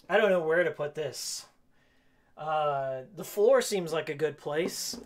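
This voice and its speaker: A man live-streaming casually while he cleans his game room, hoarse and losing his voice, jokey and rambling, repeating his own lines. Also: on the high side, slow pace. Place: game room at home, indoors.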